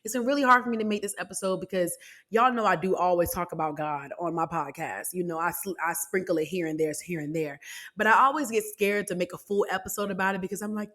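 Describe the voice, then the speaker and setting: A woman's voice: on the low side, fast, a bit bright. Woman, 20s, podcast host, earnest, conversational, personal faith talk. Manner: earnest, conversational, addresses listeners directly. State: close to tears.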